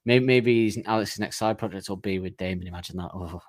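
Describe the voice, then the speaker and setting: A man with a lowish voice chatting on a podcast, laughing often and wandering mid-sentence through fillers and restarts. His voice is recorded close and dry, with no room sound at all. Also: a little fast, darkish tone, dry recording. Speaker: podcast co-host. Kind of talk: casual chat.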